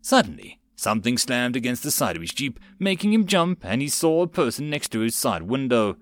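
A man reading a web novel audiobook in a plain, steady narrating manner with occasional slips. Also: mid-range voice, fairly quick.

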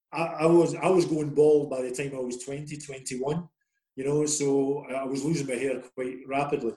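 Scottish male, middle-aged, ex-player guest, rambling anecdotal storyteller, mid pitch, roomy echoey recording. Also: mellow. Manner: rambling, self-deprecating storyteller. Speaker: former footballer guest. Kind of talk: casual anecdotal interview.

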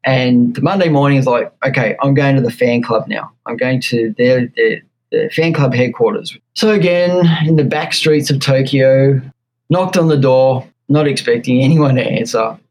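An Australian guitar maker, interviewed as a guest luthier, tells an animated story and acts out the quotes. His voice is medium-pitched and his pace moderate. The audio quality is poor.

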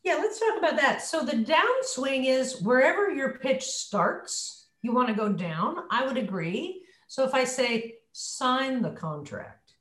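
Over a video call, a woman voice coach runs a coaching session, shifting her voice to demonstrate each point. Her voice is high and very animated, a bit bright, and she speaks unhurriedly with few pauses in an echoey room.

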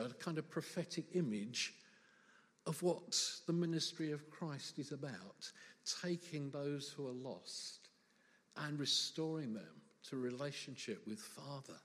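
A man's voice: a little high, big-room sound. A man preaching a sermon in church, conversational and humorous, full of rhetorical questions.

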